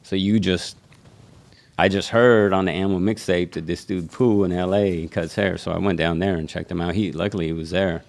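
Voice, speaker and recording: A man's voice: deep voice, fairly even intonation, normal speed, creaky. A man, a barber, telling stories in a casual podcast conversation and acting out the voices of people he quotes.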